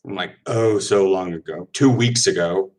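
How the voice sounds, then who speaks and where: This footballer, speaking in a low voice, rambles comfortably through a livestream while replying to viewer comments, often laughing and dropping quick asides. Background noise can be heard.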